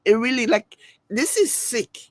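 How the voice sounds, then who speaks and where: A woman's voice: fairly high pitch, lively intonation, measured pace, no room sound. A woman with a Nigerian accent hosting a reaction video, commenting in an emphatic, scolding way with pidgin asides.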